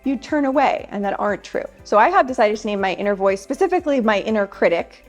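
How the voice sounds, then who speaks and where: A woman's voice: medium pitch, expressive, fast talker, faint music behind. A woman in her thirties sharing wellness tips straight to camera, earnest and chatty, speaking directly to her viewers. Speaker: self-help vlogger.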